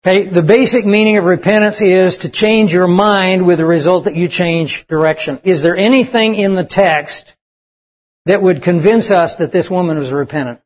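A man's voice: high voice, normal speed. A man preaching a sermon to young people, emphatic and asking the audience questions. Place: church service with audience.

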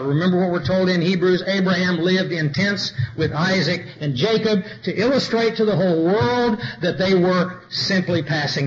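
A man's voice: high voice, dull audio. A man preaching a sermon, reading scripture aloud and rising into emphatic declamation. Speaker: pastor.

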